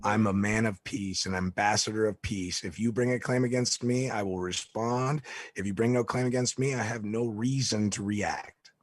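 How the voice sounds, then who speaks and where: A man speaking in an emphatic, lecturing way, stating his points flatly as a guest in a conversation. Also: lowish voice, normal speed, no room sound. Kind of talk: conversational interview.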